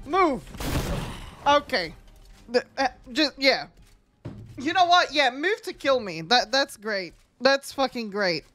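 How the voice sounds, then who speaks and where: High, bright-voiced woman streamer swearing. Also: big pitch swings, unhurried, faint music behind. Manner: profane, trash-talks enemies while playing; chats with viewers between fights. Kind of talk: live gameplay commentary.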